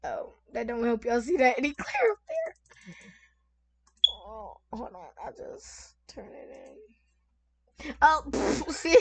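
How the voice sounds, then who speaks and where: A woman's voice: fairly high pitch, very animated, slow, vocal fry, pauses often, breathy edge. A woman casually reading and reacting to online stories, chatty and full of asides to her viewers, on a desk microphone at home. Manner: chatty, talks straight to viewers with many asides. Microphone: desk microphone at lowered sensitivity.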